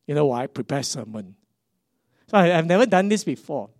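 Animated Singaporean pastor preaching. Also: male voice, a little high, normal speed, dry recording, clean studio sound. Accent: Singaporean English. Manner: animated, swings between hushed and emphatic. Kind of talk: sermon.

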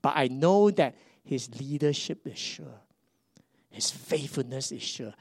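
A middle-aged man with a Singaporean English accent, preaching a sermon as a pastor, animated and swinging between hushed and emphatic. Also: medium pitch, a little slow, creaky, no echo, clean studio sound.

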